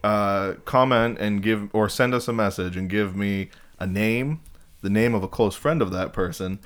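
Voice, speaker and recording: Co-host guy, lowish voice, crude jokes, lots of swearing. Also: moderate pace. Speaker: podcast co-host, prank caller. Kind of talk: casual chat.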